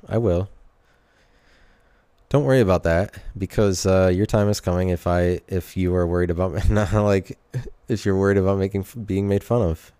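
A man's voice: low voice, steady tone, normal speed, mellow, clean tone, no echo. A man rambling through a solo monologue in a sardonic way, often breaking off and restarting his sentences.

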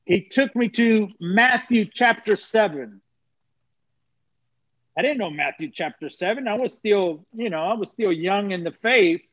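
A man's voice: sits high, lively intonation, a little slow, fairly bright tone, no room sound, muffled recording. A man giving an emotional personal testimony on a talk show, earnest and preacherly, repeating phrases for emphasis. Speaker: guest sharing testimony.

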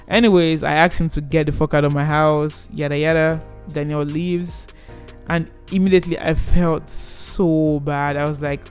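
A young man in his twenties casually telling a personal story, animated and rambling with many restarts. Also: fairly high pitch, normal speed, faint music behind.

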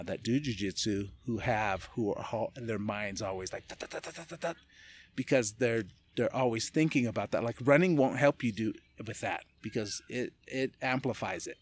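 A man guest on a podcast, talking in a casual chat, telling animated stories with laughs and casual swearing. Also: fairly low pitch, normal speed. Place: indoors, casual setting with a beer.

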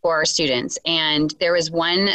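A woman's voice: low voice, steady tone, a little slow, sharp tone, no room sound, poor audio. A woman educator talking thoughtfully and evenly about a book on a podcast. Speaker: educator, librarian. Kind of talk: casual book chat.

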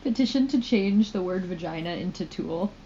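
A woman's voice: on the low side, animated, normal speed, mellow, muffled recording, a little hiss or hum. A woman co-hosting a comedy podcast, reacting with incredulous remarks and laughter. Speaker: co-host reacting to the reading.

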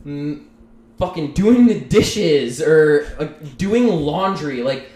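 A man's voice: a little high, expressive, takes it slowly, a little mellow. A man co-hosting a podcast, ranting heatedly in casual chat and swearing often. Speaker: podcast co-host. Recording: roomy echo.

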